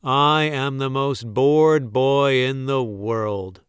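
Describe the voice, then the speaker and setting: A restless, mischievous shepherd boy from a storybook, as a man puts him on. He complains in slow, drawn-out, slightly raised tones and yells loudly when crying wolf. The sound is clear and dry. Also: mid-range voice, fairly even intonation, dry recording. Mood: bored. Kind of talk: storybook read-aloud.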